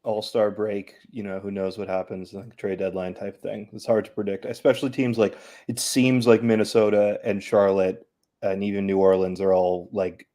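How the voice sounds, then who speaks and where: A man's voice: on the low side, little pitch movement, moderate pace, dark tone. A man co-hosting a casual sports talk show who speaks hesitantly, with many fillers, before making a firm point. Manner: hesitant, filler-heavy, then emphatic. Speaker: podcast co-host.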